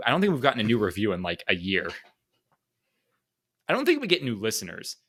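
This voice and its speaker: A man's voice: fairly low pitch, wildly swooping pitch, fairly quick, a bit bright. A man co-hosting a podcast in casual chat, rambling and joking, laughing often. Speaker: podcast co-host.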